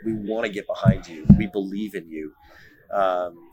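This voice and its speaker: A man's voice: deep voice, normal speed, gravelly, over music. A middle-aged man, a former pro soccer player, telling stories as a guest in a casual interview, often repeating words as he starts a sentence.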